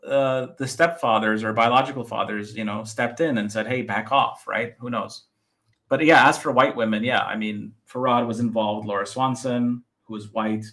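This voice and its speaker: Give me a man explaining his research in order, step by step, with a middle-pitched voice. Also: a bit bright. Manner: methodical, lists points by number. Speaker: author discussing his book. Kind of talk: podcast interview, explaining research.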